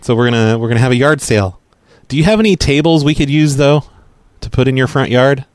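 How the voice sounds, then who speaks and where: A man making a prank phone call, talking in a pushy, deadpan, matter-of-fact way. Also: mid-range voice, fast, no room sound. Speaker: prank caller.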